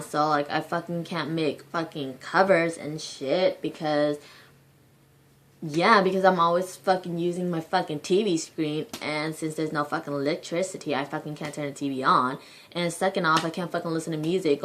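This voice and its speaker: Her deep voice comes across bright and forceful, with a little hiss or hum in the audio. She's a young vlogger ranting casually to her viewers, exasperated, swearing nonstop and filling her speech with filler words.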